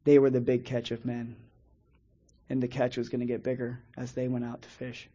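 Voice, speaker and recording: A man preaching a Bible lesson in a measured way, reading scripture slowly and pausing often. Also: mid-range voice, monotone, mellow, dull audio. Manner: measured, reads scripture slowly with pauses and restarts. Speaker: preacher teaching a Bible study. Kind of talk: sermon-style Bible teaching.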